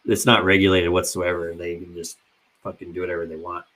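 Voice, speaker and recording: A man's voice: sits low, level tone, brisk, fairly bright tone. A young man in casual chat with friends as co-host, laid-back and brief. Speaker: podcast co-host.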